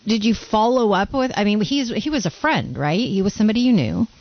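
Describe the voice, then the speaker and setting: A woman's voice: mid-range voice, animated, a little fast, no echo, dull audio. A woman interviewer who encourages her guest with frequent affirmations in a conversational way.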